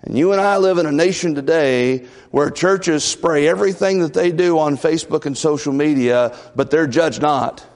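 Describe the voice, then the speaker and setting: A man's voice: on the high side, moderate pace, hardly any pauses, a little mellow, big-room sound. A man preaching a sermon as the church's pastor, folksy and storytelling, with asides and chuckles.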